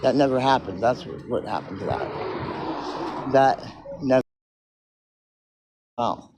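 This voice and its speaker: A man's voice: mid-range voice, expressive, takes it slowly, music in the background, poor audio. A man ranting and answering viewer comments on a casual livestream, profane and agitated, in tooth pain.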